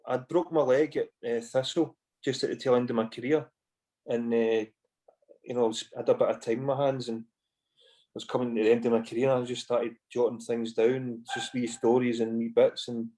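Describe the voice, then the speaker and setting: A Scottish former footballer in his forties, guesting on a podcast, tells long casual stories packed with "you know" asides and swearing. His voice is dark and medium-pitched, with a level tone and a brisk pace.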